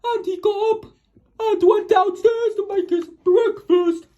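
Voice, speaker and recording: A very high-pitched AI voice narrates a children's storybook, stumbling and restarting phrases often. The tone is mellow and soft-edged, and the audio sounds dull and lo-fi. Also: steady tone. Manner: halting, with many restarts and stumbles.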